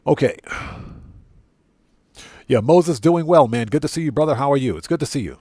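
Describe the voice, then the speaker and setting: A man's voice: mid-range voice, expressive, moderate pace, mellow, no room sound, clean studio sound. A man chatting casually with viewers while streaming a game, greeting them by name and often repeating and correcting himself. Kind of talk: casual livestream chat.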